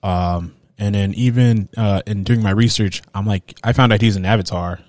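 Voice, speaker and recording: A man's voice: fairly low pitch, steady tone, normal speed, a little mellow, dry recording, clean studio sound. A man co-hosting a casual film podcast, laid-back and chuckling, often trailing off mid-sentence. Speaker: podcast co-host.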